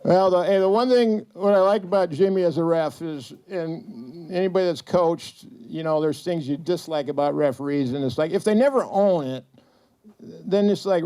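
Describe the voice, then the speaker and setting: A middle-aged man speaks at a retirement celebration before an event-hall audience, spinning comic stories and dramatizing the quotes. He talks at a moderate pace in a mellow, clean voice on the high side.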